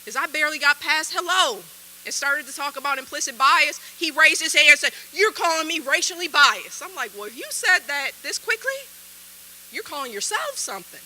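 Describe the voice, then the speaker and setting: A woman's voice: sits high, lively intonation, brisk, sharp tone, a little hiss or hum, rough recording. A woman from Minnesota, giving an emphatic lecture full of rhetorical questions and acted-out quotes. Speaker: presenter on implicit bias. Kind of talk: lecture to a group.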